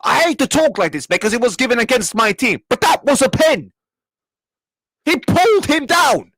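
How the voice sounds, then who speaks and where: A man's voice: very high voice, sing-song, moderate pace, fairly bright tone, no room sound, clean studio sound. A young man, ranting angrily at a football match and at viewers in his chat, repeating himself and swearing. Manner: angry, repetitive, swearing, talks back to chat. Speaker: football reaction streamer. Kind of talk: live match reaction rant.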